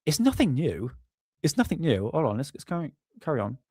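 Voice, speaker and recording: A man's voice: on the high side, very animated, fairly quick, darkish tone, slightly rough, dry recording, studio quality. A man casually hosting a live stream, rambling, apologizing often and swearing offhandedly. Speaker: livestream host.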